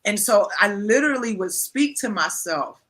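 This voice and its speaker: A woman's voice: mid-range voice, moderate pace. A woman in her fifties, a pastor, talking candidly and emphatically as an interview guest. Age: 50s. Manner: emphatic, expressive, repeats phrases for emphasis.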